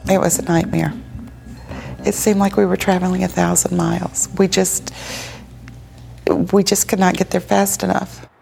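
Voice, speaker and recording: A woman's voice: fairly low pitch, level tone, normal speed, pauses often, a little mellow, soft background music. A woman recounting events in an interview, emotional and quoting others as she talks. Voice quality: husky, gravelly. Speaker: victim's sister, interviewee.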